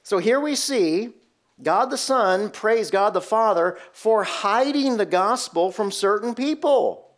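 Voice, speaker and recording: A man's voice: sits high, lively intonation, takes it slowly. A man preaching a sermon, telling stories and asking the congregation rhetorical questions. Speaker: pastor.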